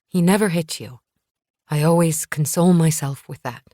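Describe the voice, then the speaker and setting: A woman's voice: deep voice, moderate pace, mellow, no room sound, clean studio sound, close to an everyday voice. A woman narrator voicing an anxious, aging mother who worries her memory is failing. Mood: rueful.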